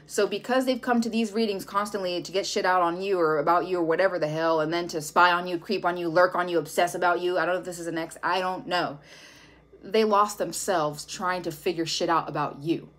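A woman's voice: lowish voice, pushed and bright. A woman giving a casual tarot reading to camera, blunt and profane, laughing often. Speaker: tarot reader.

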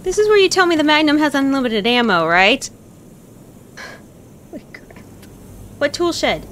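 A young woman streamer chats casually with her viewers as she plays a game, often getting flustered and panicky. Her high-pitched voice is sing-song and a bit bright, at a moderate pace, with slight background noise.

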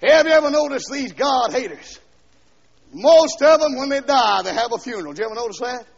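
A man preaching a fiery revival sermon, dropping to quiet asides and then shouting and singing out lines, heard on a dull 1970s LP recording from a church. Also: extremely high pitch, expressive, fairly quick, slightly rough. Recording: dull 1970s LP recording with long hall echo.

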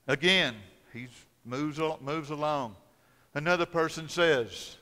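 A male pastor preaching a sermon, telling the story dramatically, swinging between loud emphasis and hushed tones. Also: fairly high pitch, slow. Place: church sanctuary. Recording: long church hall reverb.

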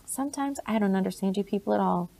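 An earnest, eager young soldier courting a girl, gently insistent, as a woman reads him in a storybook. The voice is mellow with a gravelly edge. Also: mid-range voice, fast.

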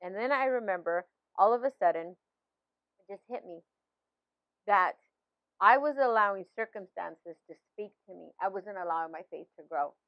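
A woman's voice: medium pitch, moderate pace, pauses often, dry recording, dull audio. A woman in her fifties, a pastor, sharing a personal faith story in conversation with many restarts and laughs.

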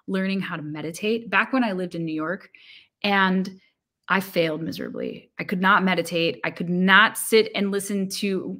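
A woman's voice: fairly low pitch, a bit bright. A middle-aged woman, a guest author and musician, telling stories animatedly, acting out her own thoughts and sometimes dropping to a near whisper. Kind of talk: casual interview storytelling.

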